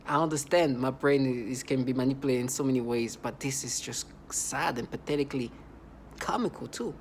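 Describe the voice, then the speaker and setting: A man's voice: medium pitch, a little fast, a little hiss or hum. A man vlogging in a rambling, agitated monologue full of restarts and repeated words. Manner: agitated, repetitive, many restarts; laughs in disbelief.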